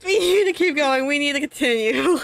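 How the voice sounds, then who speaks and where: A woman's voice: high-pitched, lively intonation, fairly quick, creaky, dry recording, rough recording. A woman streaming a video game, chatting casually and playfully, often breaking into laughter and swearing now and then.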